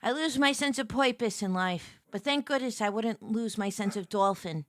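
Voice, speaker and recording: A woman streamer chatting casually and joking, swinging between loud squeals and quiet murmurs. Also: medium pitch, moderate pace, no echo, studio quality. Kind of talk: casual live-stream chat.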